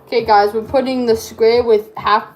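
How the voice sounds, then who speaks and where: A woman's voice: a little high, fairly even intonation, moderate pace, a little mellow, soft background music. A woman vlogger chatting casually while she crafts, rambling and cutting herself off. She has a speech impediment and struggles to say her R's. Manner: rambling, chatty, self-interrupting.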